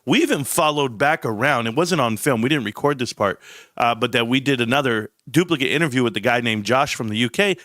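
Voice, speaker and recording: A man's voice: medium pitch, lively intonation, a little fast, a bit bright, no echo, clean studio sound. A middle-aged man hosting a livestream, blunt and rambling, often breaking off mid-sentence. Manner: blunt, rambling, self-interrupting. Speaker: stock livestream host. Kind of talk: casual livestream commentary.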